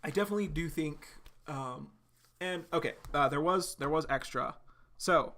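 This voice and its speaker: A man's voice: a little high, moderate pace, pushed and bright. A young man hosting a live stream, casually narrating webcomic panels aloud with lots of fillers.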